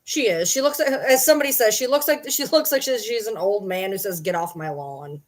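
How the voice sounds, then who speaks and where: A woman's voice: on the high side, lively intonation, brisk. This is a woman chatting to camera in a loose, cussing, rambling way. Her voice swoops up and down, and she keeps breaking off to talk to her dogs. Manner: profane, rambling, talks to her dogs mid-sentence. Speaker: vlogger. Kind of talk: casual chat to camera.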